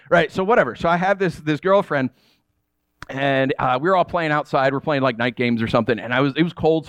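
A pastor in his thirties preaches a sermon with animated storytelling, acting out the voices of the people he quotes. His voice is mid-range, with no room sound.

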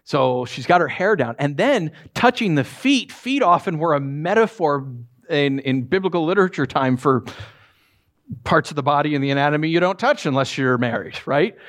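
Brief: male preacher, high voice, chatty animated storyteller who quizzes the audience. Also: normal speed. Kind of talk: conversational sermon.

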